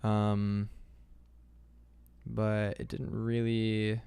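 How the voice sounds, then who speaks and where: A young man with a low, gravelly voice talks through his drawing on a livestream. He rambles along in a laid-back way, full of fillers, and keeps calling his viewers "man.". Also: normal speed. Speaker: illustrator streaming live. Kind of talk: casual livestream chat reading comments.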